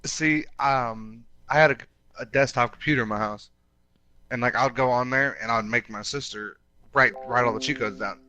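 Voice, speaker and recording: A man's voice: mid-range voice, moderate pace, pushed and bright, rough recording. A young man on a gaming podcast, talking casually with slang like "bro" and "dog". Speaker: podcast co-host.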